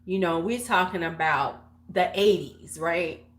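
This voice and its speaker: A woman's voice: fairly low pitch, measured pace. A woman in her forties hosting a beauty livestream, telling a long gossipy story in a loose, frank, salty way. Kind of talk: casual storytelling chat. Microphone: livestream webcam mic.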